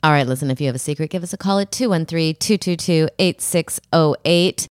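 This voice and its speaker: A woman's voice: low-pitched, a little fast, clean tone, no echo, studio quality. A middle-aged woman co-hosting a podcast, chatting in a rambling way full of fillers. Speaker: podcast co-host. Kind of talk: casual podcast banter.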